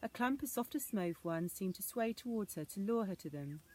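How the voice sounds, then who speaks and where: A woman reading an old fairy tale aloud as a storyteller, in a measured storybook manner. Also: medium pitch, animated, mellow.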